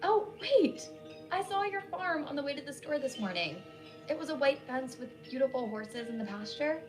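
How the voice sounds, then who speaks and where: A woman reading as a soft-spoken young housekeeper. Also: fairly high pitch, animated, brisk, over music. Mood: gentle. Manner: soft, gentle.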